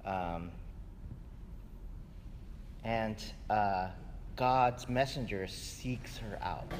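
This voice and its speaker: Man, pastor, casual sermon, slow and unhurried, long hall echo. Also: lowish voice, a little hiss or hum. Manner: conversational, keeps asking "right?". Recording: echoey hall, faint ambience.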